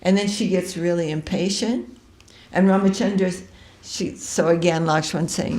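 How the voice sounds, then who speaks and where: A woman's voice: fairly low pitch, fairly even intonation, measured pace, darkish tone. A woman retelling a sacred story in a chatty, digressive way, often correcting herself. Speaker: devotional reader. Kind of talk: storytelling scripture reading. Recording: echoey room with faint hiss.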